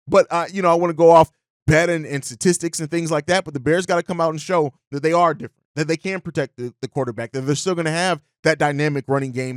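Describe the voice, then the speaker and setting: A man's voice: on the high side, no room sound, studio quality. A man hosting a podcast in a casual, conversational way, often checking in with "right?". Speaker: podcast host.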